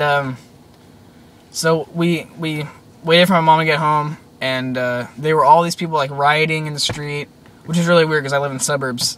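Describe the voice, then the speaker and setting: A man's voice: on the high side, a bit bright. A young man casually retelling a strange dream to his viewers, rambling with lots of "like" and "um". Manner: rambling, full of "like" and "um". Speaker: vlogger. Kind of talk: casual storytelling.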